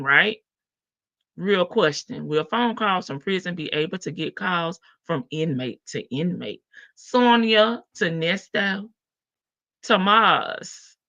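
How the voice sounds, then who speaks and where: Southern lady streamer, slow gossipy talk, lotta laughs, dry dull lo-fi sound. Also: on the low side, sharp tone, dry recording. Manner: gossipy, laughing, teasing chat readers. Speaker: livestream host. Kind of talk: casual commentary livestream.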